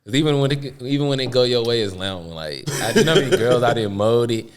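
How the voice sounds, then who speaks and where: A man's voice: mid-range voice, animated, a little fast. A man co-hosting a podcast in casual chat, slangy and repeating "for real" and "bro", breaking into hard laughs. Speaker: podcast co-host.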